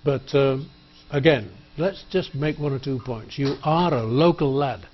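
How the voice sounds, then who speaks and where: A chatty man hosts a small studio talk show, his voice sitting in an ordinary middle register. He jokes and pauses with fillers, and the lo-fi tape gives everything a dull, muffled sound. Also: mid-range voice. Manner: chatty, joking, halting with fillers. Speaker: TV show host. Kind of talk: public-access studio interview. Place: TV studio table.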